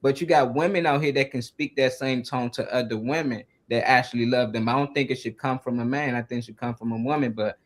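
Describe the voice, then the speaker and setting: A man's voice: mid-range voice, fairly quick, hardly any pauses. A man talking casually on a talk show, building his point with lots of "like" and "you know", and now and then acting out the voices of others. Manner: animated, acts out yelling coaches and sergeants.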